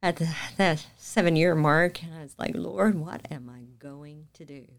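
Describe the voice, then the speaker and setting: Southern lady news anchor telling stories in a chat, kinda low voice, does all the voices. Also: normal speed. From Macon, Georgia. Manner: animated storyteller, acts out quoted lines. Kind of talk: casual interview storytelling.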